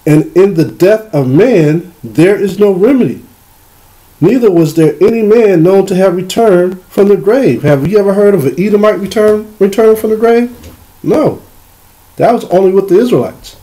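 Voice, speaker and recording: A man teaching a religious lesson. He reads verses slowly and then explains them in loose, casual speech. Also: high voice, lively intonation, dark tone. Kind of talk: scripture reading with commentary.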